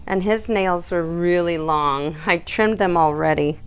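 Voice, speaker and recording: Middle-aged woman groomer, low and gravelly, gentle coaxing patter aimed at an anxious dog. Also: a little slow. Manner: soothing, coaxing, talks to the dog in a high sing-song. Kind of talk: casual how-to video.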